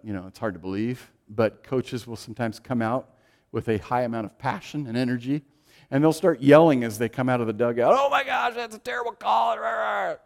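A man preaching a sermon, swinging from loud, emphatic lines to hushed, quiet ones. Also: medium pitch. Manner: dynamic, shifting from loud to hushed. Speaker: pastor.

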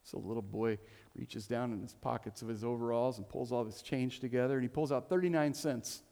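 Middle-aged male preacher, story-driven sermon with jokes, halting repeats; mid-pitched, big reverberant hall. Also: steady tone, vocal fry, warm tone. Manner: storytelling with humor, repeats words. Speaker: pastor. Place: church hall.

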